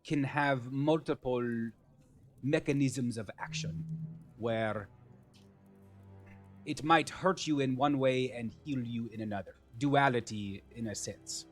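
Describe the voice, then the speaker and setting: A man's voice: mid-range voice, faint music behind, close to an everyday voice. A man voicing a careful scholarly alchemist. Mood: lecturing. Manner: measured, explanatory, with hesitations.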